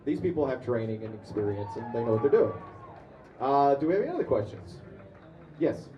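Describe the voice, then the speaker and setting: A man's voice: mid-range voice, very animated, a little fast, muffled recording, slight background noise. A man on a convention panel casually telling stories to an audience, with frequent fillers and restarts. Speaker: convention panelist, comics artist and voice actor. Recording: echoey room, far-off mic.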